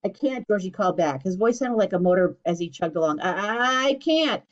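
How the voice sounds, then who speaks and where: A woman voicing a flustered young boy who talks in a higher, eager, breathless way. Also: lively intonation, fairly quick, close to an everyday voice. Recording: dull lo-fi recording.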